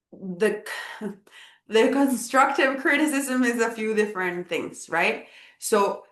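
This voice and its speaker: A woman's voice: mid-range voice, fairly bright tone. A woman from Guatemala, giving a casual live talk on Maya wisdom in a chatty way, full of apologetic asides and fillers. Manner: chatty, apologetic asides, frequent "like" and "you know". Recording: roomy echo.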